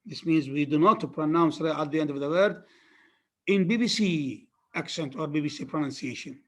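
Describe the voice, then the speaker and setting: A man's voice: fairly high pitch, normal speed. A man with an Arabic accent giving a phonetics lecture, repeating key terms emphatically for students. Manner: repetitive, emphatic teaching with many restarts.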